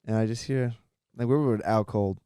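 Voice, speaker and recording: A man's voice: fairly low pitch, normal speed, mellow, smooth, no echo, studio quality. A young man hosting a podcast, telling rambling stories in casual chat, full of fillers and swearing. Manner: rambling, profane storytelling with many fillers. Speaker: podcast host.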